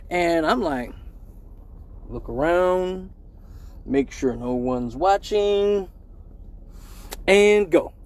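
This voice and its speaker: Animated, profane man telling a story. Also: a little high. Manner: animated, profane, acts out voices in his story. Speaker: live show host. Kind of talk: casual storytelling to a live stream audience.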